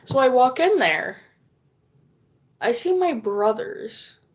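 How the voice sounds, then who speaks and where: A woman's voice: high-pitched, very animated, slow pace. A woman vlogger casually telling a long rambling story, swearing often and acting out what others said. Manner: rambling, frequent swearing, acts out quoted lines.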